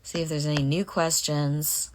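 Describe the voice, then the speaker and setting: A middle-aged woman with a notably low voice talks casually through a fan Q&A. She reads each question aloud and muses over her answers in a relaxed, chatty way. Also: moderate pace, a little hiss or hum. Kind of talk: casual livestream Q&A.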